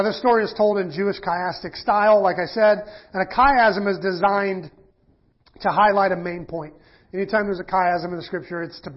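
Husky high-voiced man preaching. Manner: conversational with fillers and restarts, reads scripture aloud. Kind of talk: sermon teaching. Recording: dull lo-fi sermon recording.

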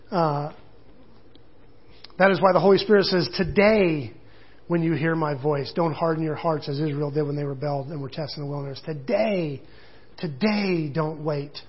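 High-voiced husky male pastor preaching. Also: muffled recording. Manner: conversational, with casual asides and quoted voices. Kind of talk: sermon.

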